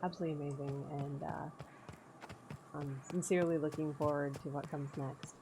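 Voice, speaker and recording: A woman's voice: sits low, fairly even intonation, moderate pace, warm tone, slight background noise. A woman streamer chatting casually over gameplay, laughing often and swearing freely. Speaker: game streamer.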